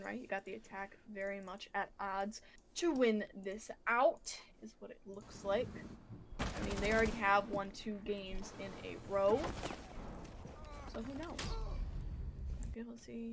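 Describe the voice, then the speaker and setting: A woman's voice: medium pitch, normal speed, background noise. A woman co-casting a live esports match, giving casual, chatty color commentary on strategy. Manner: casual, chatty, laughs easily. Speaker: esports co-caster.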